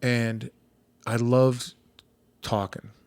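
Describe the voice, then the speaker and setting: A man's voice: mid-range voice, level tone, drawn-out words, a little mellow, smooth, dry recording. A man hosting a podcast, chatting casually, telling stories with plenty of restarts and casual swearing. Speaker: podcast host. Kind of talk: casual conversational interview.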